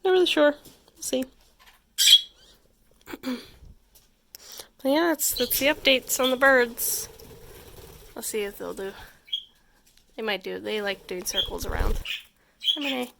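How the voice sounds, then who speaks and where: A pet vlogger chats casually at home in her pet room, rambling, giggling and cooing at her animals. Her voice is on the high side with vocal fry, a measured pace and long pauses, and the background is noisy.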